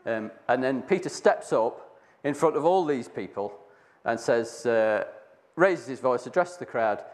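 With lively intonation but a slightly slow pace, a medium-pitched man shares a Bible reflection through casual storytelling. He rambles, starts over many times, and dramatizes the quoted voices.

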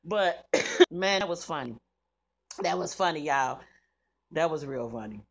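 A woman in her thirties talking casually to her viewers, chatty and quick to laugh. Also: sits low, expressive, gravelly. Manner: chatty, addresses viewers as "y'all", laughs through her words. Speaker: vlogger.

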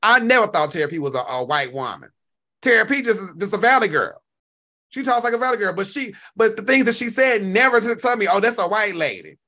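A man, co-hosting a casual gossip chat, animated and slipping into high voices to quote people. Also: a little fast. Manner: animated, swings pitch up when quoting others. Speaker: podcast co-host.

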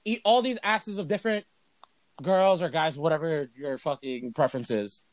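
High-voiced young man, profane joking podcast chat. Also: moderate pace, no echo. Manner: loose, profane, joking rants. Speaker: podcast co-host. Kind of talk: casual crude podcast chat.

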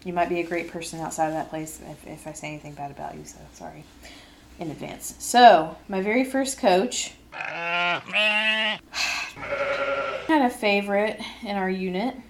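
A young adult woman hosting a casual podcast. She tells stories in a lively way and often laughs. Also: lowish voice, moderate pace, pauses often, background noise. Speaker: podcast host.

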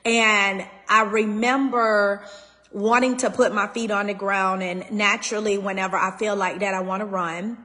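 A woman's voice: mid-range voice, steady tone, moderate pace, sharp tone, big-room sound. A woman, hosting a faith talk, speaking in a raw way and close to tears. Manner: raw, tearful, holding back crying. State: near tears. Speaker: podcast host. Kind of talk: emotional faith talk to listeners.

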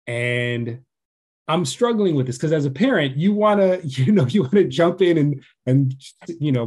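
A man in his forties with a mellow, darker tone tells a story from home in an earnest, conversational way. He often lowers his voice to a soft hush for the tender parts, speaking steadily at an ordinary pitch. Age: 40s. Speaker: guest author and father.

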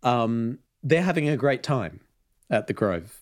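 A man's voice: mid-range voice, expressive, unhurried. A man casually retelling a story as podcast host, with frequent ums and laughs. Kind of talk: casual chat.

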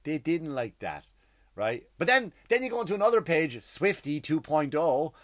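A man's voice: a little high, very animated, moderate pace, no room sound, studio quality. A male comedian hosting a podcast, talking in a rambling, profane monologue that often stops and restarts mid-sentence.

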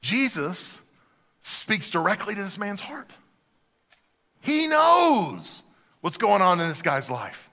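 Pastor, male, high bright voice, animated sermon delivery, church reverb. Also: slow, long pauses. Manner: animated preaching, dropping to soft emphasis. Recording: reverberant hall.

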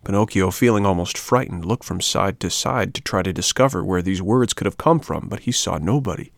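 A man reading a classic children's story aloud in a measured, even way. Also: deep voice, gravelly, no echo. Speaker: audiobook narrator. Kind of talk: storybook narration.

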